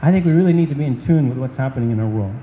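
A man's voice: medium pitch, expressive, rapid-fire, a little hiss or hum. A man preaching a sermon as a pastor, emphatic and impassioned. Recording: dull, echoey hall.

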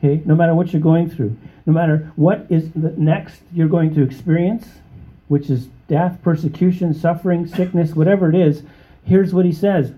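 A man preaching with earnest emphasis, his voice sitting a little high and swinging upward when he gets excited. He keeps turning to his listeners with quick check-ins, and the recording sounds dull and muffled. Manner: emphatic, rising to high exclamations; conversational, with frequent check-ins to the congregation. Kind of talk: sermon.

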